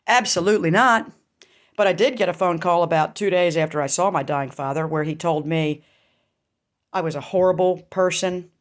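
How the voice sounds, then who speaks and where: A woman's voice: deep voice, fast talker. A middle-aged woman vlogger telling a raw personal story, intense and profane, full of rhetorical questions.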